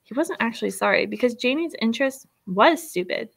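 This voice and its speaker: Woman reading a children's story, gravelly. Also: on the high side, expressive, brisk. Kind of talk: storybook read-aloud.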